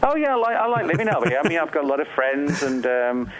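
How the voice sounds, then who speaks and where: A man's voice: on the high side, big pitch swings, fast talker, crowd noise, low-quality recording. A man with an English Midlands accent, from Staffordshire, speaking as a remote interview guest and rambling loosely. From Staffordshire, England. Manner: rambling, many fillers and restarts. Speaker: guest, author.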